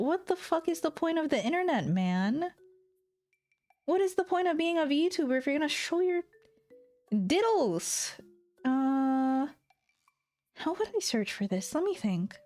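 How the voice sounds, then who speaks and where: A young woman talks casually on a stream, rambling, swearing and breaking into giggles. Her voice sits a bit high and her delivery is slow and drawn-out. Faint music plays underneath. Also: very animated, a little mellow. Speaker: VTuber streamer.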